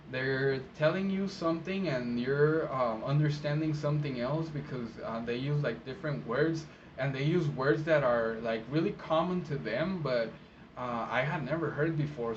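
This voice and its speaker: A man from Mexico who works as a phone interpreter, giving casual advice in a chatty, rambling way full of fillers and restarts. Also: on the high side. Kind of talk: casual advice talk to camera. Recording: dull lo-fi sound with steady background noise.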